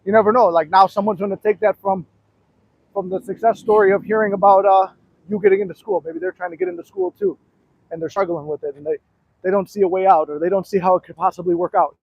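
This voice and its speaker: A man's voice: high voice, fast, creaky, no room sound. A man telling rambling stories with many fillers in a casual live talk, out of breath as he walks. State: out of breath, walking. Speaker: manifestation coach. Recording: dry tinny phone-like audio.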